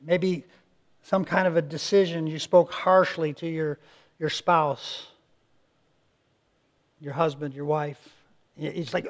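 A male pastor delivers a sermon in a high, light voice. He talks in an earnest, conversational way, repeating words as he restarts and voicing everyday people in quick quotes.

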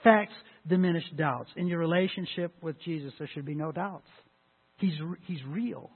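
A pastor preaching a sermon in a church, emphatic, stressing key words slowly and often restarting his phrases. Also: fairly high pitch, breathy edge. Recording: tinny phone-like church recording.

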